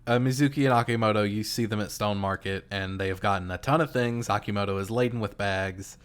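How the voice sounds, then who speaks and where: Laid-back low-voiced man. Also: quick pace, smooth. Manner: laid-back, slips into high voices to quote characters. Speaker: podcast co-host. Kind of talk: casual chat recapping a video game.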